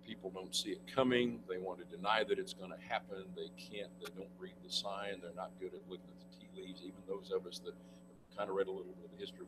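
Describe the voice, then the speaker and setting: An older man giving a conversational church lecture, with wry asides. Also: low-pitched. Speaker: guest speaker. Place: church meeting room. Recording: noisy room recording with hum.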